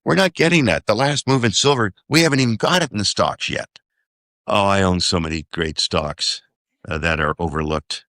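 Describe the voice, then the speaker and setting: A very low-pitched man with a bright, forceful edge, speaking as an interview guest. He rambles and works through figures out loud, tossing in "okay?" as he goes. The sound is close and dry. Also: normal speed, no echo. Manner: rambling, does sums aloud, keeps asking "okay?". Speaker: investor guest. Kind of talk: casual interview talk.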